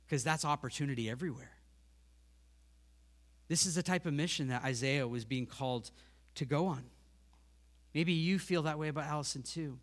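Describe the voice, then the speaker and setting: A man preaching a sermon from a church stage, animated, acting out voices and asides with self-deprecating humor. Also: a little high, moderate pace, pauses often. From Montreal. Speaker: pastor.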